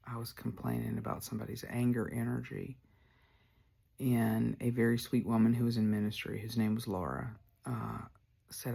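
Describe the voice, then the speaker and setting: A man's voice: lowish voice, creaky, darkish tone, breathy edge. A man, hosting a podcast and telling a personal story candidly, full of "like" fillers. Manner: candid, rambling, lots of "like" fillers. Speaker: podcast host.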